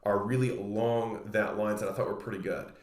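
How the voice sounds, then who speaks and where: A man in his thirties hosting a podcast, talking in a relaxed, chatty way full of "like" as he retells a conversation. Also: fairly low pitch, fairly quick. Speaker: podcast host. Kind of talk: casual solo monologue. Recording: roomy echoey room.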